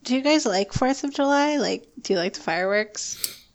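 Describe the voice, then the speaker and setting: A woman's voice: a little high, lively intonation, moderate pace. A woman in casual chat with friends, easygoing and laughing along.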